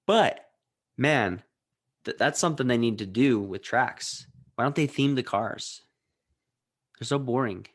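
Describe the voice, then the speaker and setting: A man's voice: mid-range voice, expressive, a little slow, pauses often. Bantering podcast co-host, a man. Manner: joking, playful banter. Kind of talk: casual chat.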